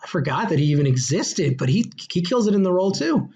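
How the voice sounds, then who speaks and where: A man's voice: high-pitched, big pitch swings, quick pace, mellow, husky. A man hosting a casual podcast chat reviewing a movie, enthusiastic and rambling, with many fillers and restarts. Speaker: podcast host. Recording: dull lo-fi sound.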